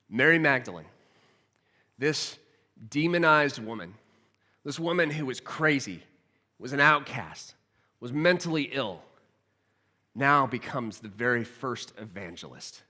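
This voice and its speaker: A man preaching a sermon, retelling a scripture scene with expressive storytelling that drops to a hush and rises with excitement. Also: a little high, big-room sound. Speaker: pastor.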